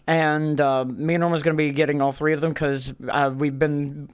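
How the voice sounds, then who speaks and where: High-voiced rambling male podcast host. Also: level tone, moderate pace, smooth. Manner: rambling, laughing, with many restarts. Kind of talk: casual podcast chat.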